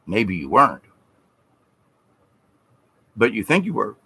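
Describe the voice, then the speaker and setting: A man's voice: fairly low pitch, wildly swooping pitch, takes it slowly, pauses often, pushed and bright, breathy edge. A middle-aged man vlogging a rambling, folksy, preachy spiritual monologue, now and then mimicking people in mocking voices.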